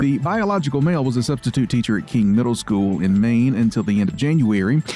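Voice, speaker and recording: A man co-hosting a radio show, reading a scripted news segment in a steady manner. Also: medium pitch, vocal fry. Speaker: radio co-host.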